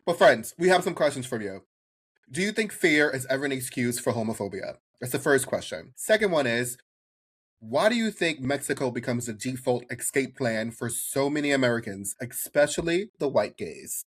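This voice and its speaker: A male podcast co-host in casual conversation, speaking bluntly and with animation. His voice sits at an ordinary middle pitch. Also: sing-song, normal speed, breathy edge. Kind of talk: casual chat.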